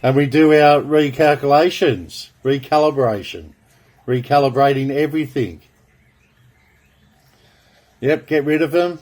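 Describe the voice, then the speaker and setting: Man, slow drawl, grandiose, repetitive rambling monologue. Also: fairly high pitch, darkish tone. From Australia. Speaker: video blogger. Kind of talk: rambling monologue, drawing cards.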